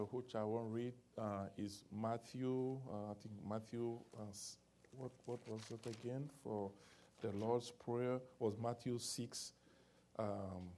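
Male preacher, mellow tone, church sermon, fervent prayer into emphatic teaching. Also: lowish voice, fairly even intonation, takes it slowly, slight background noise. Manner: repetitive fervent prayer addresses, then rising emphatic preaching.

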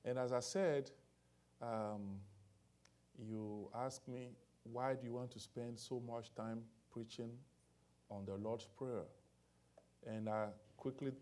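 Male preacher, mellow tone, church sermon, fervent prayer into emphatic teaching. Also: medium pitch. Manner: repetitive fervent prayer addresses, then rising emphatic preaching.

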